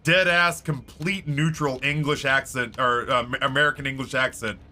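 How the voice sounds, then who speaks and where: Bright-voiced male game streamer. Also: medium pitch, moderate pace. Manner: rambling, animated storytelling with many fillers. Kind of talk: casual chat while streaming a game.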